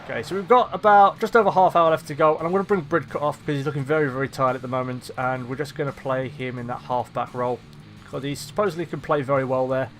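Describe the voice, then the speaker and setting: A man's voice: medium pitch, steady tone, quick pace, soft background music. A young man commentating on his own game in a casual let's-play, laughing at himself and swearing when chances are missed. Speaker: gaming commentator.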